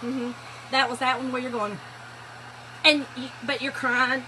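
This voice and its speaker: Chatty high-voiced woman. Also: flat delivery, unhurried, sharp tone, low-quality recording. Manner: chatty, laughing storyteller, addresses viewers as y'all. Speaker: furniture painting livestream host. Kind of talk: casual livestream chat to viewers. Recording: workshop noise, sanding and rubbing.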